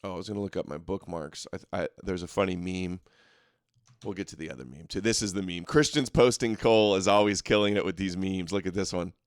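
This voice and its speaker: A man's voice: low voice, brisk, smooth, dry recording, clean studio sound. A man hosting a live political commentary show, talking in a combative, mocking way and arguing with viewers in the chat. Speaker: host.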